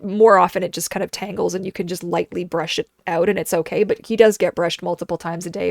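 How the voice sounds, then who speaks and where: Woman in her 30s, casual streamer, animated storyteller, dry studio sound. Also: lowish voice, gravelly, dry recording. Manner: animated storyteller, acts out quoted voices. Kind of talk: casual chat.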